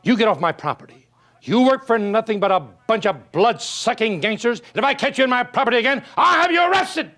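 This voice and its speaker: A man voicing a rude, furious male business prospect who shouts insults. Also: very high-pitched, expressive, brisk, voice pushed up, heavily acted.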